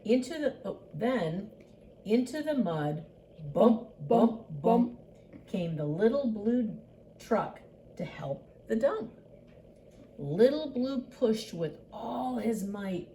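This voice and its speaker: Older woman, grandma, picture book read-aloud, sing-song, mellow voice, slow. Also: mid-range voice, very animated, slight background noise. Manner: slow and sing-song, voicing animal sounds.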